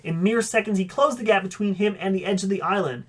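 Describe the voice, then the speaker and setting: A man's voice: high-pitched, quick pace. A man reading a fan story aloud, with occasional slips that he corrects. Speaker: audiobook reader.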